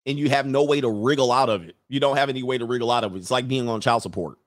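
A man's voice: mid-range voice, rapid-fire, dry recording, studio quality. A man hosting a live stream, reading viewer comments aloud and riffing on them in a loose, joking way. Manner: loose, joking, talks straight to the chat. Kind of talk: casual commentary.

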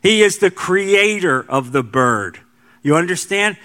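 Bright high-voiced man preaching. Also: animated. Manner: emphatic preaching with repeated phrases and slow stressed lines. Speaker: pastor. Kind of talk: sermon.

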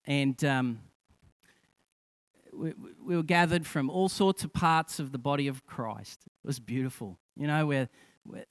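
A man, probably, preaching a sermon, building to fervent peaks and dropping to soft, slow emphasis. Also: mid-range voice. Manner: impassioned preaching with rising emphasis and soft, drawn-out scripture quotes. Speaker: pastor.

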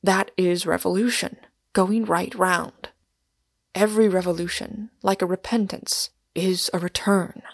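A woman reading the lines of a huge, excitable young wanderer in an audiobook, in a slightly lower, gravelly voice. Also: measured pace, no room sound, clean studio sound. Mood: excited.

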